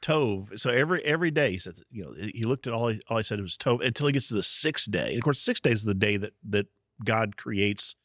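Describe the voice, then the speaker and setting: A man's voice: fairly low pitch, lively intonation, fairly quick, fairly bright tone, no echo, studio quality. A man co-hosting a podcast, teaching on the Bible in casual chat, explaining step by step and laughing easily. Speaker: podcast co-host.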